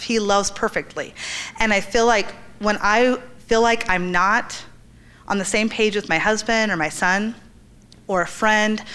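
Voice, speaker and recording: Woman, middle-aged, church talk, earnest, storytelling, acts out quotes, medium pitch. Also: a bit bright, clear, resonant tone. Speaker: women's ministry speaker.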